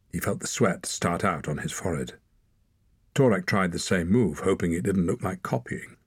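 A man narrating an adventure story in a steady, measured audiobook reading. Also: deep voice, husky, dry recording, clean studio sound.

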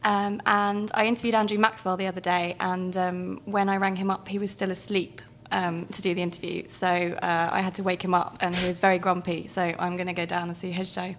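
A woman's voice: on the low side, flat delivery, a little fast, few pauses, slight background noise. A woman journalist guest on a stage chat, talking casually with many hesitations. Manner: chatty, hesitant with many ums. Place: theatre stage.

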